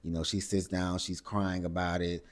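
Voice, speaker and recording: A man hosting a casual reality TV recap, talking it through in a lively, conversational way. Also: normal speed. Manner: animated, acts out cast members' lines in higher voices. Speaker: recap host.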